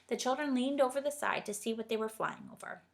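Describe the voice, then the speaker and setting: A woman reading a children's storybook aloud in a steady, gentle storytelling way. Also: high voice, quick pace, vocal fry. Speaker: reader.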